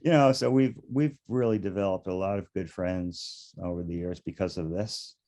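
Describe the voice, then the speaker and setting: A man's voice: sits low, moderate pace, dark tone. An older man, a beekeeper and interview guest, telling stories casually in a rambling way, chuckling now and then and often restarting his sentences. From United States.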